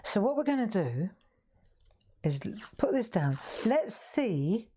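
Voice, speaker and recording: A woman's voice: mid-range voice, very animated, takes it slowly, warm tone, slightly rough. A woman hosting a live craft demonstration, chatting to viewers and laughing often as she works. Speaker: craft show host.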